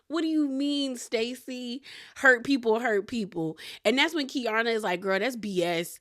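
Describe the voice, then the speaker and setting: A woman's voice: sits high, lively intonation, unhurried, fairly bright tone. A young woman recapping a reality show in casual commentary, acting out quotes of the cast members.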